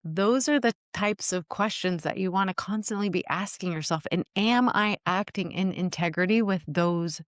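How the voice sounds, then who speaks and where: A woman's voice: medium pitch, moderate pace, hardly any pauses, no echo, studio quality. A woman who is a relationship therapist, speaking reflectively in a podcast interview, with rhetorical questions and many fillers. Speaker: relationship expert and sex therapist guest. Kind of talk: casual interview chat.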